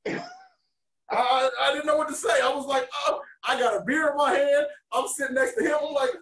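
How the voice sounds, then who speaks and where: A man from Detroit, a podcast co-host and former wrestler, telling candid stories in an animated, emotional way. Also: very high-pitched, a little fast, echoey room. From Detroit, USA. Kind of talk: candid storytelling interview.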